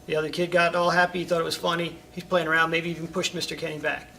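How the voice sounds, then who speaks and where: A middle-aged karate instructor speaks in a bright, gravelly voice, coaching his students in a casual way and checking in with them often. He is recorded from a distance in a training hall, with a faint rumble behind him. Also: little pitch movement, fast. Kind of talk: talking to students on camera.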